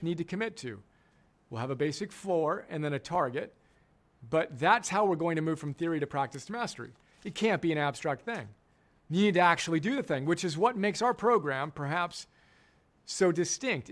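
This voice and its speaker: A middle-aged man with a high voice, a coach who founded his own program, delivers an emphatic teaching talk, repeating key phrases for effect.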